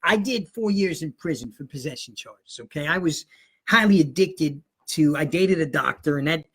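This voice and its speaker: A man, a comedian guest, telling stories in a casual chat, animated and laughing often. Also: on the high side, normal speed, slightly rough.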